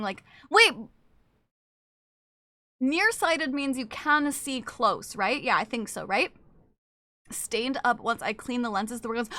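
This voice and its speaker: A woman's voice: high-pitched, bright, forceful tone, no room sound. A young woman streamer chatting casually with her viewers, laughing often and swearing freely.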